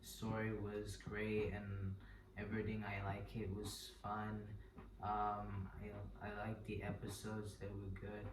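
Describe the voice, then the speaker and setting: A man appearing as a guest, halting and full of ums. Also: fairly low pitch, monotone. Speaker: guest friend. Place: in a house. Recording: roomy, from a distance, with noticeable noise.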